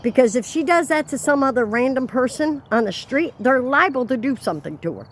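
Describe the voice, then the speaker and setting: Animated woman ranting about her day. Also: brisk, slight background noise. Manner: animated, exasperated, swings between low asides and raised outbursts. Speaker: vlogger. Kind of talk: casual storytime rant.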